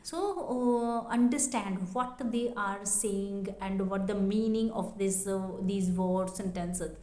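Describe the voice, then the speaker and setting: A woman's voice: medium pitch, steady tone, slow pace, warm tone, reverberant. A woman giving a casual spoken English lesson, hesitant, with many fillers and repeated phrases. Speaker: English teacher.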